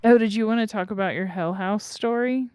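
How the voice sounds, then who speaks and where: A woman's voice: mid-range voice, a little fast, darkish tone, clear, resonant tone, no echo, clean studio sound. A woman co-hosting a podcast in casual chat, laughing often and reacting briefly. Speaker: podcast co-host.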